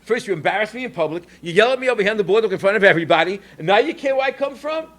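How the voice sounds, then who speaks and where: A man's voice: high-pitched, animated, racing, a bit bright. A man acting out an offended older Polish-Jewish woman, defensive and annoyed.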